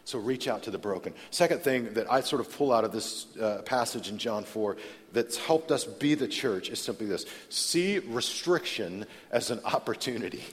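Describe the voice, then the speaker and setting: A man preaching a sermon in a large church, telling stories in a conversational way and swinging from loud to hushed. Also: mid-range voice, lively intonation, normal speed. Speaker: pastor. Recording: long reverb of a large hall.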